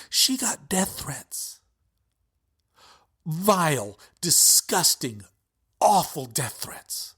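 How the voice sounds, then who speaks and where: A man's voice: sits high, sing-song, takes it slowly, long pauses, a bit bright, slightly rough. A male podcast host giving an impassioned, profane political rant with heavy emphasis.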